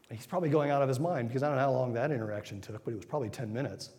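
A man giving an informal sermon, retelling scripture in a conversational way with quick acted asides. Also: medium pitch, a little mellow, a little hiss or hum. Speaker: preacher. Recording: long hall reverb.

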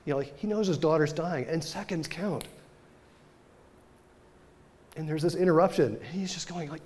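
A man's voice: on the high side, a little fast, slight background noise. Man preaching a story-driven sermon. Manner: animated storytelling, dips soft for drama. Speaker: pastor. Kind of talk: sermon with scripture reading.

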